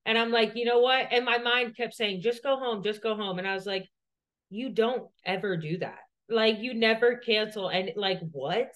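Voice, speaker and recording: This podcast co-host's voice is a little high and fairly bright, moving at a moderate pace. She wanders through a personal anecdote, swearing freely and leaning heavily on "like".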